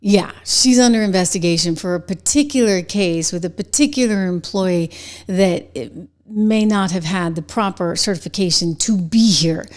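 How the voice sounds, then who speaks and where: A woman with a New England accent hosting a commentary show, talking in a chatty, animated way and laughing between points. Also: on the low side, normal speed. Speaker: show host. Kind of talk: commentary with a sponsor read.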